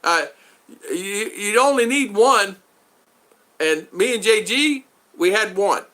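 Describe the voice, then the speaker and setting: Livestream host, man, rambling and chatty, lively bright voice. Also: sits high, slow. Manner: rambling, chatty, repeats himself, addresses viewers by name. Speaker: livestream host reading chat. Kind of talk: casual livestream chat. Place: home in the Philippines.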